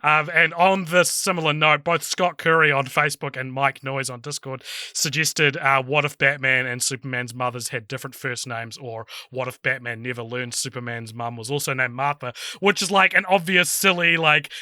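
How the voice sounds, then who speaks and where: A man's voice: medium pitch, steady tone, moderate pace, hardly any pauses, bright, forceful tone, no room sound, studio quality. A man with a New Zealand accent co-hosting a podcast, chatting casually, laughing often and reading out listener suggestions. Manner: giggly, reads out listener suggestions. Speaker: podcast co-host. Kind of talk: casual chat.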